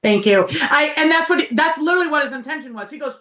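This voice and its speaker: Bright animated woman hosting in an echoey room. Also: on the high side, fairly quick, few pauses. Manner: gushing, animated storyteller with bursts of laughter. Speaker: host. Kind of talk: casual live chat.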